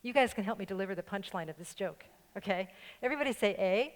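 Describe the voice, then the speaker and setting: A woman's voice: medium pitch, animated, quick pace. Playful older woman preaching in a reverberant hall. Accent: slight New York. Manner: playful, joking, laughing with the congregation. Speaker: pastor. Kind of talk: sermon. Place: church sanctuary with congregation. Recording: long church-hall reverb.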